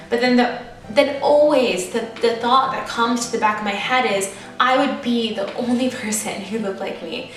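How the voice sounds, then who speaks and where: An American vlogger in her twenties, from the United States, shares a personal story to camera, chatty, candid and poking fun at herself. Her fairly high voice moves at normal speed and sounds off-mic and distant, in an echoey room with faint music in the background.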